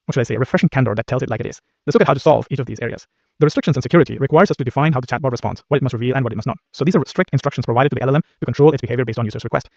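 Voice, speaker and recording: A man narrating a scripted technical lesson as course instructor, in a brisk, steady, explanatory manner. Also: mid-range voice, no room sound. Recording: dull dry voice-over recording.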